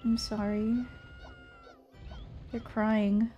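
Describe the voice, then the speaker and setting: A woman VTuber streaming a game, reacting in excitable, panicky bursts with repeated shouts and frequent swearing. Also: a little high, extremely slow, dull audio, faint music behind. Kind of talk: casual live gameplay commentary.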